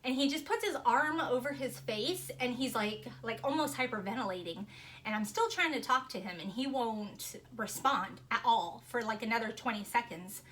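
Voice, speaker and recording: A woman vlogger telling a personal ghost story in a casual, animated, rambling way, full of "like" and restarts. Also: fairly high pitch, normal speed, slight background noise.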